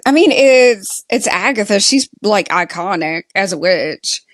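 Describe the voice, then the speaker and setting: A woman with a Southern US accent talks slowly and loosely, stringing her thoughts together with "like" as she recaps a show. The recording is dry and close, with no room sound. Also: mid-range voice, expressive, no room sound. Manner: slow, chatty, lots of "like" fillers. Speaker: podcast co-host. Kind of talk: casual TV recap chat.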